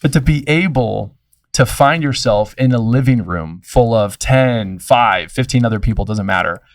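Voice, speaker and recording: A man's voice: mid-range voice, normal speed, no room sound, recorded from a distance. A man in his thirties, a pastor, telling stories in an earnest, reflective way in a casual conversation. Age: 30s.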